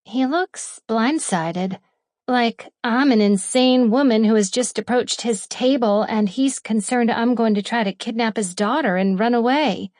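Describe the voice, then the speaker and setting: A woman reading a first-person romance audiobook in a playful manner, lingering over the words with breathy asides. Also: on the high side, normal speed, hardly any pauses, a little mellow, dry recording, studio quality. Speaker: audiobook narrator.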